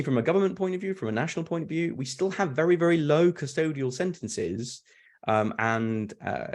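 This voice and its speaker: Man, lowish voice, earnest and animated, video-call talk. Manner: earnest, animated, restarts and repeats words. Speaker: fraud prevention speaker. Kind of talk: webinar fireside chat.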